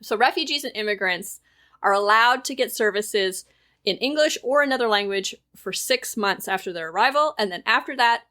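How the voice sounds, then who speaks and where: A woman's voice: on the high side, animated, normal speed, bright, forceful tone. A woman, co-hosting a podcast in casual chat, explaining at length with plenty of fillers. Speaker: podcast co-host.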